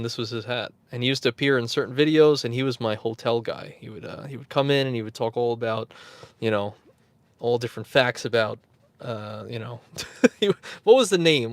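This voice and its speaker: A man's voice: mid-range voice, no echo. A man hosting a casual livestream, rambling, chuckling and answering viewers in the chat. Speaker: YouTube host.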